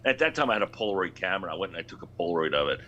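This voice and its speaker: A man with a very deep, low voice chats casually on a talk show. He tells an anecdote in a chatty way. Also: racing, sharp tone, muffled recording. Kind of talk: casual chat.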